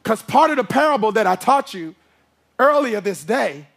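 A man preaching a sermon as pastor, swinging from hushed, intense passages to loud, emphatic preaching, often laughing between points. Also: high voice, big pitch swings, normal speed, vocal fry.

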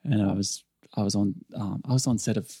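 A man's voice: on the low side, fairly even intonation, a little fast, mellow, breathy edge, dry recording, studio quality. A man with an Australian accent, a stunt performer, telling stories in a laid-back podcast interview with lots of fillers and restarts. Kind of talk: casual storytelling interview.

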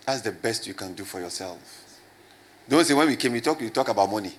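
A man's voice: on the low side, lively intonation, quick pace. Male pastor, middle-aged, sermon delivery, repeats lines and prompts the crowd to answer. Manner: call-and-response preaching, repeats questions to the crowd. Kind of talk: sermon to a congregation.

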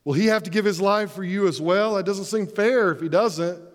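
A man's voice: sits high, moderate pace, long reverb tail, close to an everyday voice. A man voicing the apostle Peter as a grown man, fretting and pleading with rising questions about fairness. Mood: anxious.

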